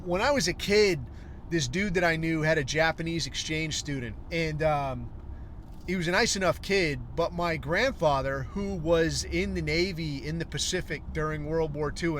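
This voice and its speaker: A man's voice: fairly high pitch, normal speed, fairly bright tone, slight background noise. A man in his forties, a podcast host, telling a long profane story in a rambling, wry way. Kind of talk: casual storytelling monologue.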